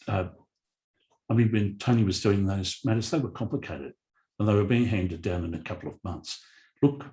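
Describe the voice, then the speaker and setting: A middle-aged Australian man speaking bluntly as a guest on a live panel, telling animated stories. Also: on the low side. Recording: echoey event room.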